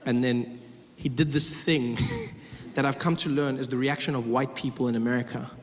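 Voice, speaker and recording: A man doing stand-up comedy, telling a story with animated delivery and acted-out scenes. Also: medium pitch, normal speed, a little hiss or hum. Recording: reverberant hall with audience.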